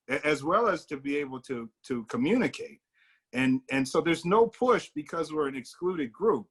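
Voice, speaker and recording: An American man talking through his ideas in a relaxed group discussion. His voice sits a little on the high side, and he explains earnestly and at length, building his points as he goes. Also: breathy edge. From United States. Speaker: discussion participant.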